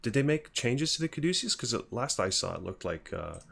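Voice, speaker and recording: A man's voice: medium pitch, big pitch swings, brisk, gravelly, a bit bright, husky. A man streaming a game live, chatting casually with viewers, swearing freely and rambling through his thoughts. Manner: chats with viewers. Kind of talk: live gameplay commentary.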